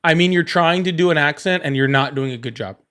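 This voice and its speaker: Brief: man from the US South, a bit high-voiced, hosts a live call-in, teasing and repeating himself. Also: brisk, a bit bright. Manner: laughing, repeats words, teasing. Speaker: livestream host. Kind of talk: casual live call-in chat.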